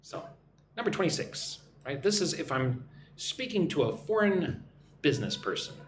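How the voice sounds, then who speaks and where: An American man with a slightly high, sing-song voice teaches English on a live stream at a normal speed, chatting and reading viewer comments aloud. The room is echoey, with faint background noise.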